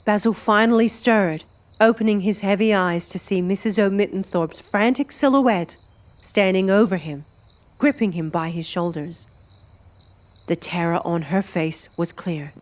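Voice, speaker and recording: A woman narrating a fantasy audiobook with an expressive storytelling delivery. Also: medium pitch, a little slow. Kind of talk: scripted narration.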